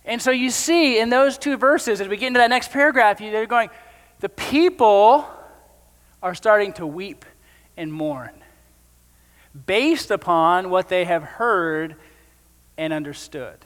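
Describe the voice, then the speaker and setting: Male pastor, high-pitched, conversational sermon delivery with jokey asides, church hall with long reverb. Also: animated, a little slow, pauses often, fairly bright tone.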